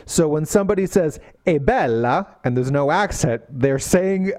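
A man co-hosting a podcast, ranting in a casual, animated way and laughing often. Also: a little high, normal speed, dry recording. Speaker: podcast co-host. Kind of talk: casual chat.

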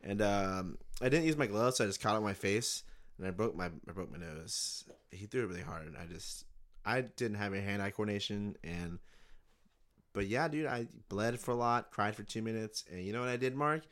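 A man's voice: lowish voice, brisk, a bit bright. A young man, podcast host, telling a long rambling story in casual chat, laid back and swearing.

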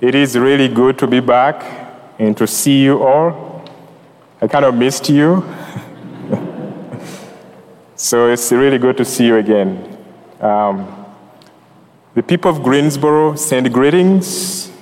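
A man from Uganda with a Ugandan accent, a priest preaching a sermon in a church, speaking in a measured way with soft laughs. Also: mid-range voice. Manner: slow, warm-hearted address with soft laughs and measured pauses. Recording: reverberant church hall.

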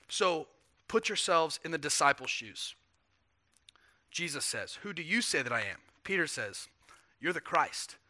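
A pastor preaching a sermon, animated, acting out the quotes and swinging from loud passages to hushed ones. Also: male voice, a little high.

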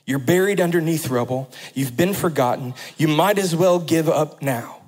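A man preaching voices a scornful enemy who taunts someone left buried and forgotten, speaking low and quiet. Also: moderate pace, natural voice. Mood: taunting.

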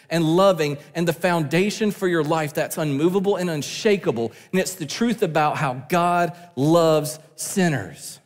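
A man's voice: a little high, moderate pace, hardly any pauses, long reverb tail. A man preaching a sermon from the pulpit, earnest and building to emphatic peaks. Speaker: pastor. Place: church sanctuary.

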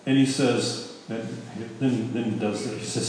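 A middle-aged male pastor telling a story in a sermon, in a conversational, animated way, correcting himself as he goes. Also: medium pitch, measured pace, slight background noise. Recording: very echoey hall, speaker far from mic.

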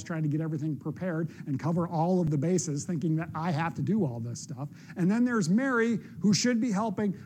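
A man's voice: sits high, dark tone, husky. A male pastor preaching a sermon in a conversational, explanatory way.

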